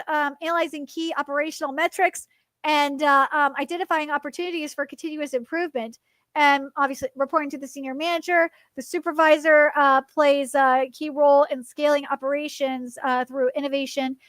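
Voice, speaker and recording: A woman's voice: sits high, fairly bright tone, dry recording. A woman streaming casually, rambling with many fillers and cooing at her cat in baby talk. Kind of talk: casual live-stream chat.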